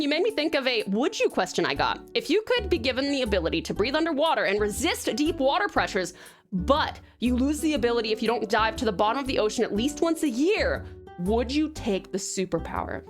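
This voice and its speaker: A woman streamer with a mixed American and Australian accent, chatting casually and bubbly with her viewers. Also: fairly high pitch. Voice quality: bubbly and giggly, doting on chat. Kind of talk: casual live stream chat.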